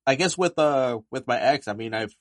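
A man telling stories in a casual chat, animated and swearing freely. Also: mid-range voice, normal speed, dry recording.

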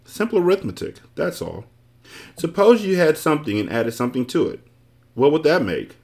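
A man's voice: a little high, very animated, normal speed, creaky, a little mellow, voice pushed up. Male reader doing a cheerful know-it-all shape creature for a storybook, wide-ranging voice. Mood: pedantic. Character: pleased, many-faced male geometric creature.

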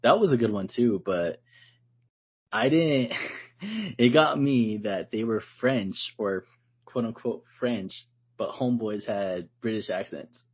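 A man co-hosting a podcast in casual chat, relaxed and loose, says "like" a lot and laughs often. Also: on the low side, slow pace, slightly rough, lo-fi sound. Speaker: podcast co-host.

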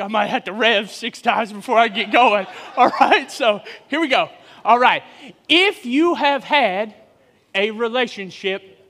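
A man in his forties, a guest preacher, giving a sermon with lively joking banter with the congregation. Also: sits high, long reverb tail. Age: 40s. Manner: joking, energetic crowd banter. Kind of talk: sermon with audience interaction. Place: church hall.

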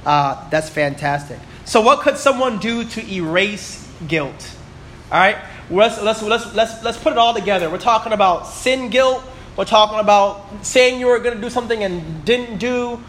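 High-voiced chatty young man teaching. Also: moderate pace, a bit bright, slight background noise. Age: 20s. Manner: chatty, storytelling, peppers talk with "you know" and "right?". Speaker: Bible class teacher. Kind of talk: interactive class teaching.

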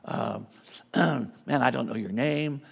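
A man voicing a reluctant, flustered man who stammers out excuses, with a gravelly, husky voice. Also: medium pitch, takes it slowly, long reverb tail, full character voice. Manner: stammering, hesitant.

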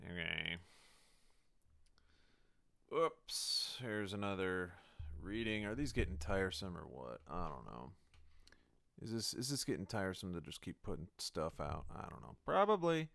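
A man reading his old journal entries aloud in a rambling, deadpan way, adding absurd asides. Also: sits low, measured pace, gravelly, pauses often, dry recording. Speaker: comedian and podcast host.

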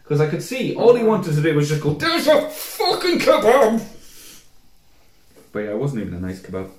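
A man's voice: rapid-fire, roomy sound. A young man co-hosting a podcast, telling drunken stories in casual chat, swearing a lot and mimicking people. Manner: animated storyteller, swears a lot, mimics people in high voices. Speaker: podcast co-host.

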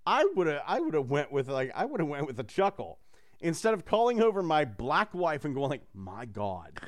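A man's voice: on the high side, sing-song, a little fast. Rambling, laughing man on a podcast. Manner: rambling, laughs often, swears freely. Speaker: podcast host. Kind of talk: casual chat.

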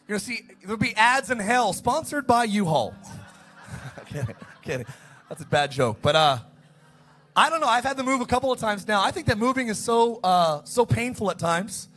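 A man preaching a sermon as pastor, animated, acting out the story's dialogue in quick asides. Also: very high-pitched.

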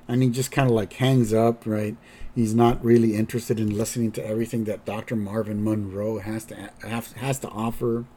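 A man's voice: medium pitch, warm tone. A man hosting a podcast, casually recapping a cartoon episode with lots of fillers. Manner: rambling, filler-heavy. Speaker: podcast host.

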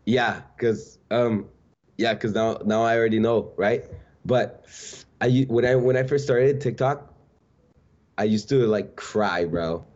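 A man's voice: on the low side, slow, darkish tone. A young man talking as a podcast guest, laid-back and casual, calling the host bro. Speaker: guest, social media creator. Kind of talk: casual interview chat. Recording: dull lo-fi sound.

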